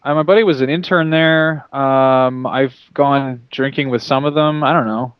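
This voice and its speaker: A man co-hosting a gaming podcast, talking in a profane, animated, rambling way. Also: medium pitch, normal speed, clear, resonant tone, dry recording, phone-quality sound. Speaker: podcast co-host, games writer. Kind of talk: casual podcast banter.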